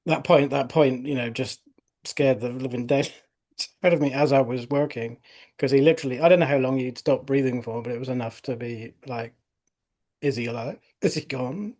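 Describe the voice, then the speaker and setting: A middle-aged male osteopath recounting patient cases in a relaxed podcast conversation, full of fillers like "you know". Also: mid-range voice, a little fast. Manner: conversational storytelling with frequent fillers.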